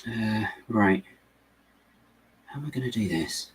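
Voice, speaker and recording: A man's voice: fairly low pitch, expressive, slow, breathy edge. A young man hosting a livestream, chatting in a rambling, self-amused way to viewers while building at home. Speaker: livestream host building LEGO. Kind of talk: casual chat while building.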